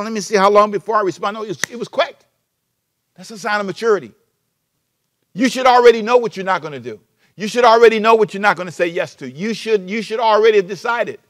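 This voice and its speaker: A male pastor preaching a sermon, animated and repeating himself as he restarts phrases. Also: high-pitched. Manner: animated preaching, sudden shifts between loud emphasis and soft asides.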